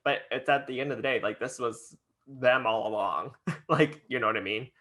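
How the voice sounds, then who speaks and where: A man's voice: mid-range voice, moderate pace, fairly bright tone. A man co-hosting a podcast, chatting casually and chiming in to fill out a shared story. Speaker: podcast co-host. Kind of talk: casual chat.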